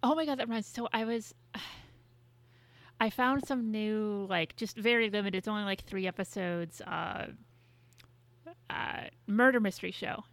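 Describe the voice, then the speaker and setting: A woman's voice: medium pitch, unhurried, dry recording. A woman co-hosting a podcast, telling stories in a rambling, exasperated casual way. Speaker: podcast co-host. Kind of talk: casual chat.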